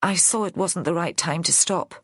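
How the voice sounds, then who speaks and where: A woman reading an audiobook, voicing a calm, imperious woman suspect with a posh southern English accent. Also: on the low side, moderate pace, dry recording, clean studio sound. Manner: haughty and cool. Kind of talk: audiobook character voice.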